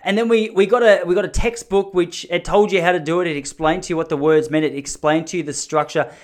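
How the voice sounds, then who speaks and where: Australian man, comedic monologue, slightly high pitch, rambling, self-mocking, blunt. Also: fairly even intonation, fast. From Melbourne, Australia.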